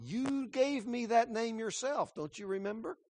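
Guy preacher doing a loud cocky apostle, high-ish voice, really pushing it, dry sound. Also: measured pace, no room sound. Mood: boastful. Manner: loud, arrogant protesting. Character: brash boastful apostle, grown man, overconfident.

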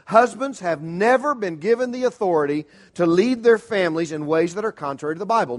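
Man, middle-aged, pastor, sermon, earnest, emphatic, rhetorical questions, fairly high voice. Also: expressive, fairly quick.

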